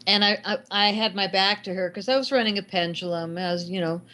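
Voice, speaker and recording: A middle-aged woman, a guest filmmaker, telling animated anecdotes in casual talk and acting out the lines of the people in them. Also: medium pitch, brisk. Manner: animated anecdotes with acted quotes. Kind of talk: casual storytelling.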